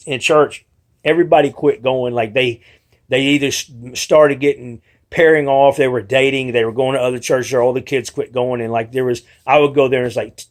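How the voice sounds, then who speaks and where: A young adult man talking in a casual rambling monologue, argumentative and frustrated, with many restarts. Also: mid-range voice. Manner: rambling, restarts often, mimics others in quotes. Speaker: video blogger.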